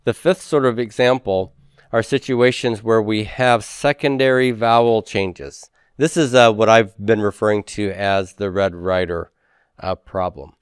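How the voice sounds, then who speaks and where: Man, lecturer, lowish smooth voice, unhurried, dry close sound. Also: steady tone, dry recording. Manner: patient, repeats words slowly, checks in with "okay?". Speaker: Hebrew teacher. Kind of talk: recorded grammar lecture.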